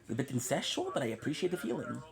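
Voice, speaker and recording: A man's voice: medium pitch, wildly swooping pitch, racing, gravelly. A man vlogging about mobile games from his apartment in a casual, rambling, joking way, often correcting himself. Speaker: gaming vlogger. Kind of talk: casual chat to viewers.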